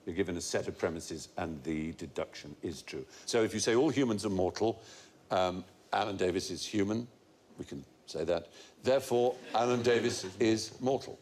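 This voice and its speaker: A middle-aged man hosting a comedy quiz show, explaining trivia in an articulate, measured way. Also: low-pitched, a little mellow.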